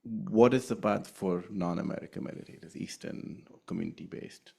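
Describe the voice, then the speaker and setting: Audience guy with a deep gravelly voice, asking a question, kinda hesitant. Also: normal speed, dark tone.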